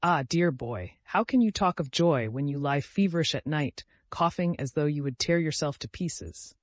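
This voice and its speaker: A man's voice: on the high side, lively intonation, normal speed, no room sound, lightly acted. A man voicing an anxious, doting mother who pleads with worry, in an audiobook. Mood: pleading. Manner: pleading, worried. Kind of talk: audiobook character voice.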